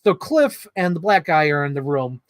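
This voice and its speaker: A man giving a casual movie review, excitable, laughing often and swearing freely. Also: fairly high pitch, moderate pace, no room sound.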